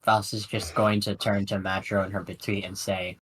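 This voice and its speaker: A man playing a tabletop game, wary and deliberate. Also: fairly low pitch, little pitch movement, fairly bright tone, slightly rough. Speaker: player. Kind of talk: tabletop role-play.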